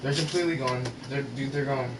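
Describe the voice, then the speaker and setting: A man with a medium-pitched, fairly even voice rants quickly to camera in a casual gaming channel vlog. Recorded in his bedroom at home, he's frustrated, exasperated and constantly swearing, and the recording is roomy, distant from the mic and noisy behind him.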